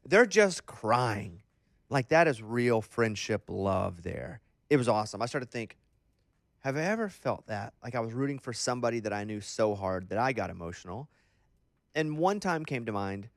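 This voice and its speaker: Male morning-radio host, mid pitch, chatty and animated, dry close-mic studio sound. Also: no room sound. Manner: animated storyteller, quick and rambling. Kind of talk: casual morning radio chat. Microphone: studio microphone.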